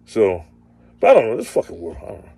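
A man's voice: fairly low pitch, wildly swooping pitch, quick pace, gravelly, warm tone, breathy edge, dry recording. A man hosting his own show, delivering a crude, repetitive comedic rant and ending lines with "man". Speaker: show host. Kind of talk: profane comedic rant monologue.

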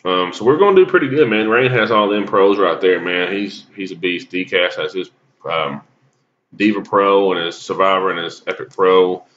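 A man's voice: sits low, moderate pace, a bit bright, muffled recording. A man giving rambling, casual commentary on a mobile game, coughing and sneezing with a cold. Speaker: gaming YouTuber.

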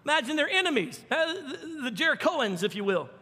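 A male pastor preaching a sermon with animated, folksy storytelling and fervent emphasis. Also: very high-pitched, a little fast, in a large hall.

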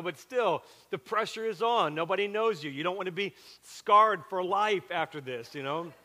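High-voiced Southern pastor, bright and animated. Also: male voice. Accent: Southern with a Western Pennsylvania twist. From South Carolina. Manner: chatty, animated storytelling with frequent asides. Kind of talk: sermon with personal story. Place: church sanctuary. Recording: long hall reverb from a church sanctuary.

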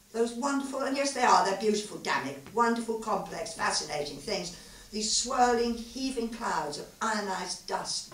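A woman reading aloud as a tipsy male physicist who muses and rambles in a lively way. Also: on the low side, slight background noise. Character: rueful man, tipsy physicist, musing. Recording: roomy live hall, far mic.

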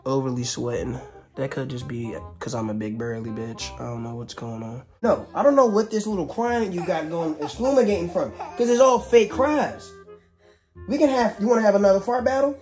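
Woman vlogger, low register, slangy and jokey, light music underneath. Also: expressive, moderate pace, mellow. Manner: slangy, joking, rambling chatter. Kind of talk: casual home vlog.

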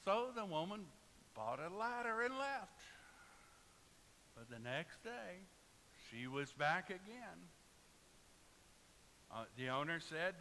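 Male pastor, sermon, high bright voice, long church reverb, faint hiss. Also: sing-song, slow, long pauses. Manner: storytelling with jokes and asides to the congregation. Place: church sanctuary.

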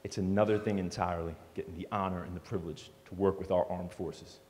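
A man giving a storytelling speech to an audience as a motivational speaker, animated and joking. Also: low voice, quick pace, slight background noise. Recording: long hall reverb.

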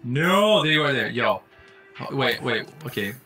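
A man doing casual live-stream commentary while playing a game, jokey and excitable, swearing when startled. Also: mid-range voice, a little slow, faint music behind.

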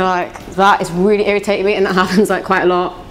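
A young woman with a London accent, a singer and songwriter chatting as an interview guest, quick-talking and giggly. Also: mid-range voice, little pitch movement. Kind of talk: casual interview chat.

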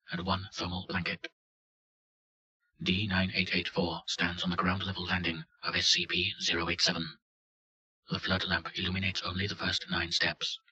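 Low-voiced man reading a report. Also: lo-fi sound. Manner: flat, report-like delivery. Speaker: reader. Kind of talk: scripted narration.

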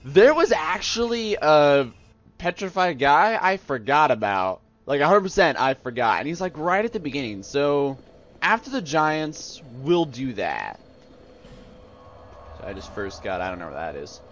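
A man's voice: a little high, sing-song, unhurried, a bit bright, lo-fi sound. A man hosting a let's play, rambling and sarcastic in his gameplay commentary. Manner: sarcastic, rambling, easily annoyed.

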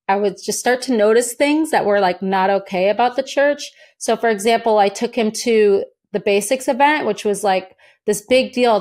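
Young woman guest, slightly high voice, animated conversational storyteller. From United States. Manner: chatty, animated, acts out quoted voices. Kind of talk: casual interview storytelling.

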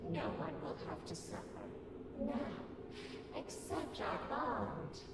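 An actress voicing a sly, menacing shadow leader who coaxes slowly, in a game. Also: female voice, high-pitched, sing-song, heavily acted. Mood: coaxing. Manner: slow, smooth, coaxing. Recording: game audio, roomy, over loud music.

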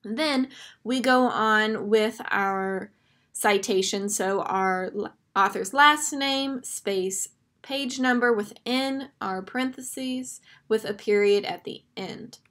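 A woman's voice: medium pitch, slow pace, fairly bright tone. A woman teaching a grammar lesson, patiently walking through each step over a screen recording.

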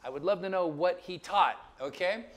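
A man giving a Bible lecture in an animated way, often checking in with listeners and chuckling in asides. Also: high voice, normal speed. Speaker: Bible teacher.

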